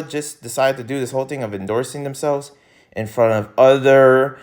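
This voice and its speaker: A young male vlogger talks in a loose, rambling way, laughing often and suddenly jumping in pitch when he gets worked up. His voice sits at an ordinary middle pitch. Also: moderate pace, darkish tone. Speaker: YouTuber host. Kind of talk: casual commentary vlog.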